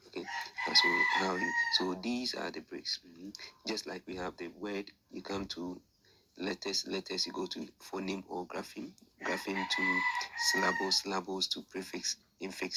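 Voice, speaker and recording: A man's voice: low-pitched, vocal fry, pushed and bright, slight background noise, poor audio. A man teaching an online lesson, explaining step by step in a patient, repetitive way and thinking aloud with fillers. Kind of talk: screen-share lesson explanation.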